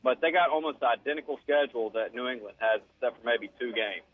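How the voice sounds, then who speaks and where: A man's voice: mid-range voice, fast, no room sound. A man calls in to a sports radio show. He sounds curious and easygoing, and his voice comes through a thin, phone-line sound. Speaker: caller.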